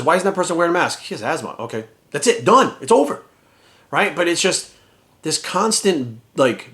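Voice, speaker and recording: Man, vlog rant, quick and profane, slightly high-pitched delivery. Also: fairly bright tone. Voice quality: profane, heated and rapid-fire. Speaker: fitness trainer and vlogger. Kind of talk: ranting vlog monologue.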